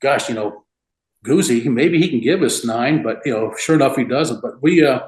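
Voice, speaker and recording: A man in his fifties, a retired relief pitcher, telling old stories as a guest in a casual rambling way full of "you know" and chuckles. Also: normal speed, echoey room, rough recording. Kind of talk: casual storytelling interview.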